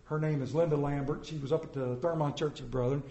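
A middle-aged pastor preaching a sermon, telling folksy stories with self-deprecating humor. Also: male voice, fairly high pitch, fairly even intonation, fast, warm tone, reverberant, highs cut off.

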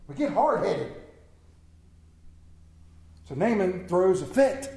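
A man preaching a sermon to his congregation, retelling a bible story in lively fashion and calling out people by name. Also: high voice, unhurried, gravelly, pauses often, reverberant. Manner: animated, acts out bible characters, addresses congregation by name.

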